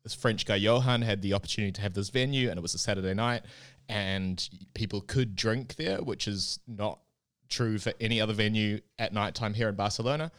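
A young man co-hosting a casual podcast, recounting events in a relaxed, dry way. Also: fairly low pitch, a little fast. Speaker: podcast co-host.

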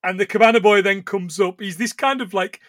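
A man co-hosting a podcast in a high, bright voice. He recaps a film with a lot of swearing and jokey asides. The sound is close and dry. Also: fairly quick, no echo. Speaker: podcast co-host. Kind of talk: casual film recap chat.

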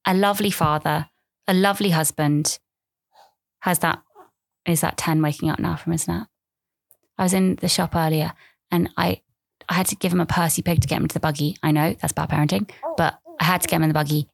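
Gravelly, candid woman podcaster. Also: deep voice, no room sound, clean studio sound. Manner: candid, rambling, self-deprecating. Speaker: podcast host. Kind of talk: solo podcast chat.

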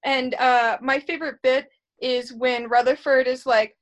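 High-voiced woman animatedly recapping an episode. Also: moderate pace. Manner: animated retelling, acts out characters' lines. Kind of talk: casual chat recapping an episode.

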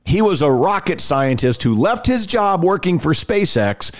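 A man's voice: on the high side, a little slow. A man co-hosting a sports podcast in casual chat, restarting sentences as he talks, and also reading ads. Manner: animated, repeats words when starting sentences. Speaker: podcast co-host. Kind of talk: casual sports talk and ad reads.

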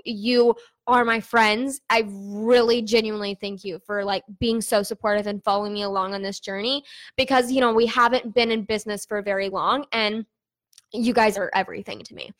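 A young woman with a high voice talks straight to her viewers in a casual vlog. She is candid, chatty and openly emotional, and treats her audience like close friends. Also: fairly bright tone. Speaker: online business owner giving an income report. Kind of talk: casual to-camera vlog talk.

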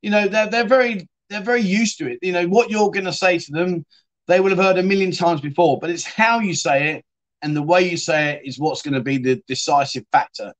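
Hosting a relaxed livestream, a man with a high-pitched voice talks a little fast, rambling through chat and reading out what viewers comment, with "mate" coming up often.

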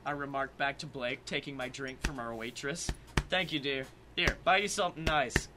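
A man's voice: mid-range voice, moderate pace, noisy background. A man co-hosting a podcast, reading comic fan fiction with swaggering, theatrical narration. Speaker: podcast co-host.

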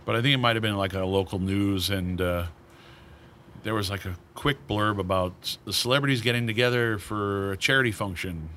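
A man with a low but bright, forceful voice tells relaxed stories as an interview guest. He slips into the voices of the people he quotes. A faint hum of ambient noise sits behind him. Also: fairly quick. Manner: animated storyteller acting out quoted voices. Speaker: cigar brand founder, guest. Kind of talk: casual storytelling interview.

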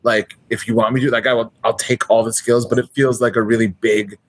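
A man's voice: mid-range voice, little pitch movement, fairly quick, breathy edge, dry recording. A man chatting as a player while building a tabletop character, rambling and hesitant with many restarts. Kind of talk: tabletop character creation chat.

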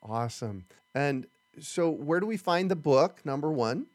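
A man's voice: a little high, lively intonation, a little slow, dry recording. Dry-sounding male podcast host. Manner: affirming, conversational, frequent agreement. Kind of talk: podcast interview.

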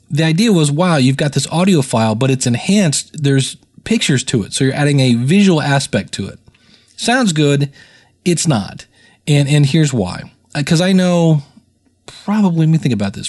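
A man's voice: medium pitch, a little mellow. An American man hosting a podcast in a chatty, rambling, self-deprecating way. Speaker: podcast host. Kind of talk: casual solo podcast talk.

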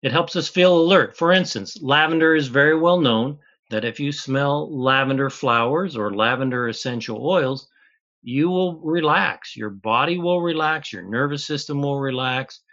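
A man's voice: mid-range voice, moderate pace, fairly bright tone, lo-fi sound. Man patiently explaining chemistry. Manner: patient, explaining step by step with fillers. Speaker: guest chemist. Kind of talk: explanatory interview talk.

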